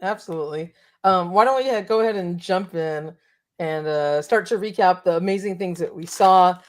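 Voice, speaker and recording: A woman's voice: on the low side, normal speed. A woman co-hosting a casual chat, talking with enthusiasm and many fillers. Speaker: co-host of toy show.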